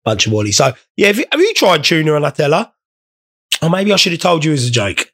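Rambling, gravelly stoned guy. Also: a little high, very animated, fast, fairly bright tone. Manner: rambling, swearing, joking. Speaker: podcast host. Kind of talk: casual podcast chat.

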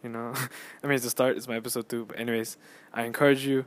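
A young man hosting a casual solo podcast on his phone, rambling and excitable as he tells a story with lots of fillers and restarts. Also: medium pitch, fast. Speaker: podcast host.

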